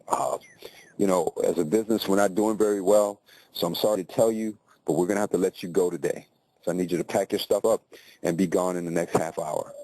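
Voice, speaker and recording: A man's voice: sits low, fairly even intonation, brisk, mellow, dry recording, lightly acted, poor audio. A man voicing a blunt, businesslike male boss.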